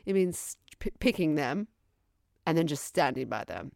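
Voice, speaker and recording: A wry woman with a somewhat low voice picks apart a film's romance in a relaxed chat. She laughs easily and sounds critical. The sound is dry, with almost no room in it. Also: moderate pace, gravelly, no echo. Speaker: podcast co-host. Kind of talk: casual chat about a film.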